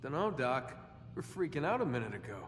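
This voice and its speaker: A man's voice: mid-range voice, sing-song, fairly quick, long reverb tail, a little hiss or hum, close to an everyday voice. An actor playing a sarcastic, defensive young male prisoner who mocks his captor. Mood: defiant.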